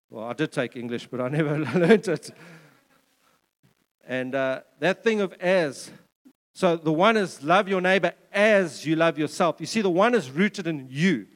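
A man's voice: on the high side, long reverb tail. A man preaching a sermon in a conversational way, with joking asides and repeated words. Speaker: pastor.

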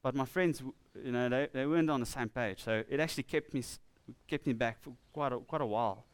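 A man with a South African accent preaching a sermon in church, earnest and conversational, slowing down to read scripture with emphasis. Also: mid-range voice, clean tone, dry recording. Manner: earnest, with laughing asides and slow emphatic scripture reading.

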